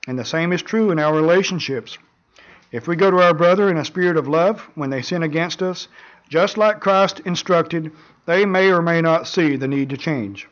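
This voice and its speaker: Earnest preaching man, lo-fi sound. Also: on the high side. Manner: earnest, measured preaching with frequent repeated words. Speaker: pastor. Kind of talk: sermon.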